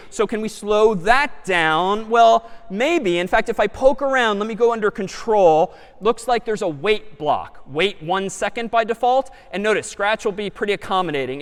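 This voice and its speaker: A man giving a live computer science lecture, thinking aloud as he works through a demo. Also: high-pitched. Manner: lively and animated, thinking aloud. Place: large lecture hall. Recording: lecture hall with long reverb.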